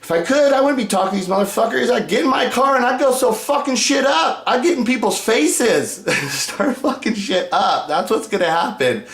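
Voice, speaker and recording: A man's voice: sing-song, fairly quick, gravelly, few pauses. Profane ranting man in echoey room. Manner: profane, combative, swinging between loud outbursts and low muttering. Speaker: YouTuber. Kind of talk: angry video rant to fans.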